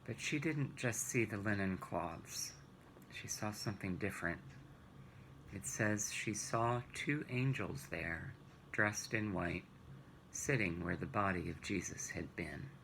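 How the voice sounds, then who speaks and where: Man slowly telling a bible story to kids, gravelly low voice, bright tone, faint noise behind. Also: expressive, rough recording. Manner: slow, gentle storytelling with rhetorical questions. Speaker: children's Bible teacher. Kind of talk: storytelling Bible lesson for children.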